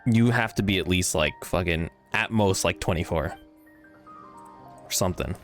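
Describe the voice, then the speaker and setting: A man's voice: low voice, normal speed, faint music behind. A man streaming a game, rambling and joking with casual, profane commentary.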